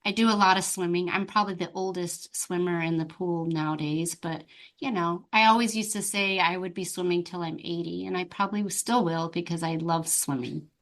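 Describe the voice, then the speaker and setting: A woman guest on a podcast interview, a life coach who talks in an open, expressive and bubbly way. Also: on the low side, normal speed.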